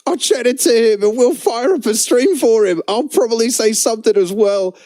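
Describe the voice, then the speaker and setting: A man mimicking a whiny, aggrieved young man who talks in a slow, wounded, plaintive way. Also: extremely high pitch, dark tone, dry recording, voice pushed up.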